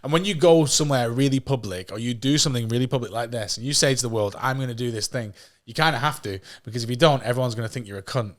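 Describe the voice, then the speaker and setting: A man in his thirties from England, a podcast guest telling stories in a casual, animated way, swearing freely and laughing at his own jokes. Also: mid-range voice, fast, few pauses. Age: 30s. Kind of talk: casual storytelling.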